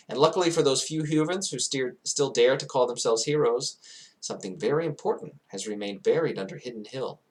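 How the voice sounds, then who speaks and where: A man with a fairly low voice narrates a fantasy world as its in-character guide. His delivery is grandiose and prone to digression, building at moments into emotional peaks.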